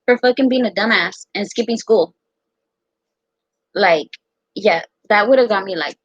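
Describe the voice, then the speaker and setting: A young American woman telling a personal story in a casual, profane, animated way. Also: medium pitch, normal speed, long pauses, husky, dry recording. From United States. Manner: profane, animated, quotes others in her own voice. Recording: dull lo-fi sound.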